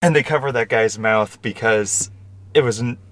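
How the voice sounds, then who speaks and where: A man co-hosting a podcast in casual chat, joking with quick interjections. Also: mid-range voice, fairly bright tone. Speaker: podcast co-host.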